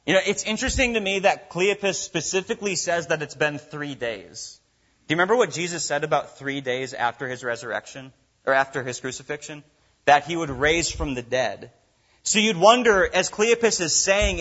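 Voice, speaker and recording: Casual man preaching, slightly high voice. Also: lively intonation, normal speed, pushed and bright, highs cut off. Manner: conversational, uses many fillers like "like" and "kinda". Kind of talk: sermon.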